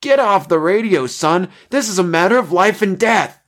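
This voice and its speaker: A man voicing a brash young male wartime fighter pilot who shouts over the engine. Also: mid-range voice, fairly quick, pitched above the performer's own voice, natural voice. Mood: angry.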